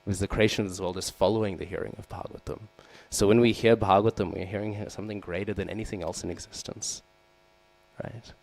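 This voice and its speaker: A man with a low, deep voice gives a sermon to a group of listeners. He tells the story lively, acting out the figures in it, and keeps checking in with "right?" and "hmm?" as he goes. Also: fast talker, gravelly, rough recording. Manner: storytelling, acts out the quoted figures; asks the audience questions, often adds "right?" and "hmm?". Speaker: speaker giving a scripture class.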